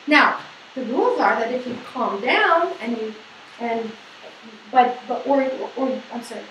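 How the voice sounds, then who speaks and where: A woman presenting a seminar to a women's group, lively, asking the audience questions and acting out the people she quotes. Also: fairly high pitch, unhurried, slight background noise. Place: hall or meeting room. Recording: echoey room, mic at a distance.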